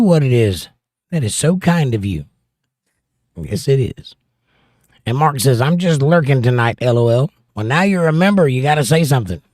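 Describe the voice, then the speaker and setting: A man's voice: medium pitch, lively intonation, normal speed, a little mellow, no room sound, clean studio sound. A middle-aged man hosting a livestream, reading viewer comments aloud in casual chat with wry joking asides. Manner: wry, joking asides between read-outs. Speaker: livestream host.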